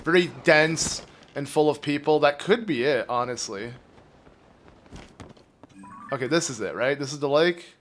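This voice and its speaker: A man streaming a game live, chatting casually and rambling to his viewers while his phlegmy throat keeps needing clearing. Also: fairly high pitch, measured pace, pauses often, a bit bright, faint music behind. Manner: rambling, chatty, talks to chat. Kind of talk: casual live gameplay commentary.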